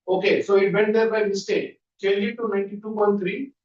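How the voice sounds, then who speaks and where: A man leading a guided visualization exercise as a trainer, coaching with quick repeated questions. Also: high voice, fairly even intonation. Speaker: NLP trainer. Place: training room. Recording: dull echoey room audio from far off.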